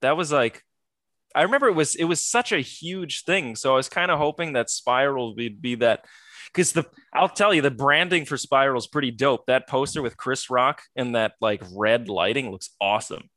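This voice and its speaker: A man guesting on a casual film review podcast, rambling and excitable, swearing freely. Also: mid-range voice, normal speed, dry recording.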